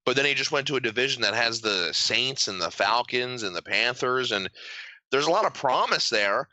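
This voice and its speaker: Bright-voiced joking podcast host man. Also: mid-range voice, expressive, normal speed, dry recording, poor audio. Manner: joking, slips into mocking voices. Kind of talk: casual comedic chat.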